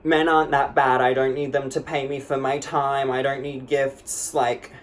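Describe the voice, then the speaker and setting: A man's voice: medium pitch, level tone, normal speed, a little hiss or hum, close to an everyday voice. A man playing a young woman vlogger who tells a dramatic storytime, rambling and full of "like". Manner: rambling, lots of "like", breathless and dramatic. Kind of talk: comedic storytime monologue.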